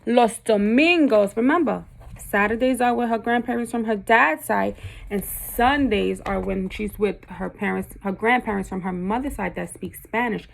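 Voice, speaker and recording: Gravelly-voiced woman teacher reading aloud. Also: mid-range voice. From Puerto Rico. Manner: pauses often to ask the class questions. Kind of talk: reading a picture book aloud to a class.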